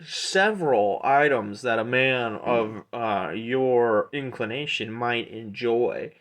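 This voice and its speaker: A man voicing a jovial, bushy male merchant in a tabletop game, speaking in a hearty, showy, slow manner. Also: mid-range voice, fairly bright tone.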